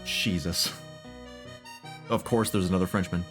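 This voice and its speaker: A man's voice: on the low side, lively intonation, a little fast, pauses often. A man giving casual, irreverent let's-play commentary while playing a game. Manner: joking, irreverent. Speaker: gaming streamer. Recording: game music behind voice. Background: game music.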